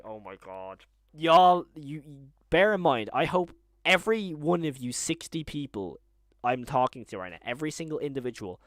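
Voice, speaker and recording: An excitable young man live-streaming a reaction, tripping over his words with constant restarts. His voice sits a little high for a man, and the sound is close and dry with no room around it. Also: dry recording. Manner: excitable, stammering with many restarts.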